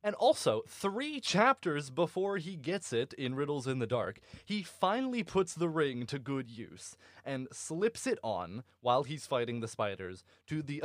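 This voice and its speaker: A man hosting a casual book podcast, animated and swearing freely, often breaking into laughter. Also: medium pitch, no room sound, studio quality. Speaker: podcast host.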